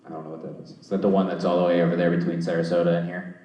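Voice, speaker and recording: Young comedian riffing with the crowd, lowish voice, self-deprecating, big roomy echo, mic kinda far off. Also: male voice, little pitch movement, rapid-fire, warm tone. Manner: rambling, swearing, self-deprecating. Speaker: stand-up comedian. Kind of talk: crowd work at a comedy show. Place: comedy club stage.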